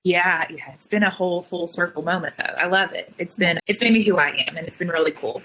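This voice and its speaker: Young woman, guest, casual storytelling, slightly low voice, quick chatty retelling. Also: sharp tone, poor audio. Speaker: guest sharing her story.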